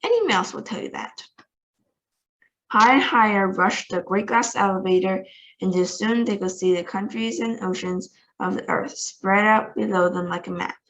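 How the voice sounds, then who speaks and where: Brief: expressive woman storyteller, reading a kids' book. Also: mid-range voice, normal speed, highs cut off. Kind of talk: reading a children's book aloud.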